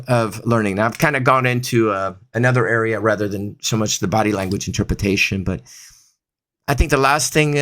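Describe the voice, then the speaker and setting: A man's voice: mid-range voice, a bit bright. A man teaching body language and voice control in an explanatory talk, demonstrating examples and checking in with frequent asides.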